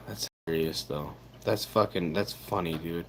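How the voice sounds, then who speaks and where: Slow-talking young male livestreamer. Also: sits low, fairly bright tone, a little hiss or hum. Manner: laid-back, swearing, laughing at chat. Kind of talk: casual livestream chat.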